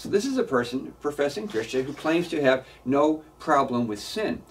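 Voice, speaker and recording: A man's voice: mid-range voice, lively intonation, moderate pace, hardly any pauses, far from the mic. A man preaching a sermon as pastor in a church, earnest and emphatic, often repeating words as he builds a point.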